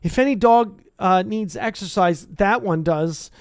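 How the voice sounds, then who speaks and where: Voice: mid-range voice, a little slow, smooth, no echo, studio quality, natural voice. Cast: a reader voicing a panicky young wizard boy, blurting, storybook reading. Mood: anxious. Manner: anxious, blurting.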